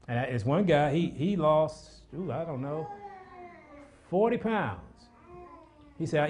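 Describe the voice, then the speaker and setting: A middle-aged man preaching a sermon, animated and repetitive, with asides to the congregation. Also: high voice, normal speed, slight background noise.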